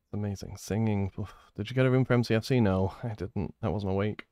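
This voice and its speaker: A man's voice: on the low side, steady tone, fast talker, mellow, clear, resonant tone, no echo, studio quality. A young man chatting on a live stream, giggly and flustered, shaky with adrenaline, by turns bratty and pleading. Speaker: livestreamer. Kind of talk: casual live-stream chat.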